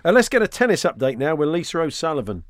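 A man hosting a jokey clip show on the radio, quick with quips and often laughing. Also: fairly high pitch, big pitch swings, no echo.

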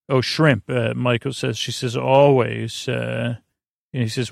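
A man hosting a sleep podcast, recapping a TV episode in a rambling, hesitant way with many filler pauses. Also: mid-range voice, little pitch movement, gravelly, dry recording, clean studio sound. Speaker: podcast host.

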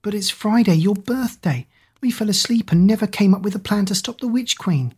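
A woman narrator voicing an anxious, earnest teenage girl who speaks urgently and a little higher. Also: normal speed, a little mellow, husky, natural voice.

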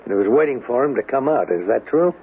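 A pressing, probing police lieutenant, as a man acts him out in a 1970s radio play, with a lively voice. The recording is a thin, narrow old broadcast with a faint hiss. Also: medium pitch, quick pace, close to an everyday voice. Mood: stern. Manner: pressing, interrogating. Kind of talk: 1970s radio drama acting.

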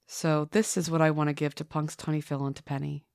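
A sick podcast host with a sore throat speaks in a low voice, close to a dry mic. She keeps things playful and jokey despite feeling rough. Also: flat delivery, a little fast, a little mellow, dry recording. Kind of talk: casual podcast chat.

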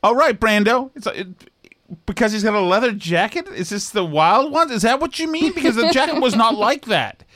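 An older man co-hosting a podcast, his voice high and very animated. He jokes and teases in casual chat, the sound close and dry. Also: normal speed, dry recording. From Vermont. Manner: joking, teasing. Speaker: podcast co-host.

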